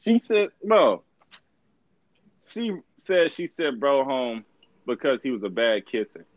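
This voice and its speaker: Young guy, middle-pitched, casual slangy group banter. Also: sing-song, slow pace, no room sound, highs cut off. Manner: slangy, rambling, says bro often. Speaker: friend in group chat. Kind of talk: casual chat.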